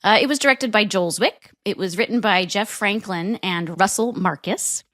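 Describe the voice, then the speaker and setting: A woman's voice: medium pitch, moderate pace, fairly bright tone, no room sound, clean studio sound. A woman in her forties co-hosting a podcast, chatting casually and playfully and laughing often. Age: 40s. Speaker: podcast co-host. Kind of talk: casual chat.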